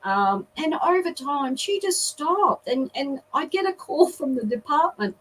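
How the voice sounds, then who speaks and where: A woman's voice: sits high, unhurried. Woman telling a story, distant mic. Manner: lively, animated storyteller. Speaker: guest. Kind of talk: storytelling in an interview.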